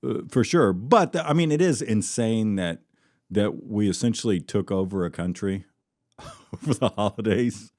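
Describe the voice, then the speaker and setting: A man hosting a podcast with a low voice, talking loosely and laughing often. His sentences ramble and trail off. The sound is dry and close. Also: animated, unhurried, a little mellow, dry recording. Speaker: podcast host. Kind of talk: casual chat.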